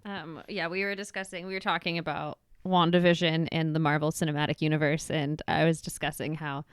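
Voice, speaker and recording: A woman's voice: low voice, level tone, a little fast, clear, resonant tone, no room sound, clean studio sound. Giggly woman co-hosting a podcast. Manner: giggly, playful. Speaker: podcast co-host. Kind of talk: casual chat.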